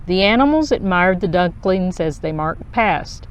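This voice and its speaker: A woman reading a children's picture book aloud in a slow, expressive storytelling voice. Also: on the low side, clean tone.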